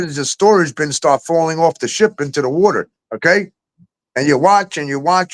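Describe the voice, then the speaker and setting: A man's voice: sits high, low-quality recording. A man hosting a casual talk show, ranting heatedly and swearing a lot. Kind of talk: casual profane chat.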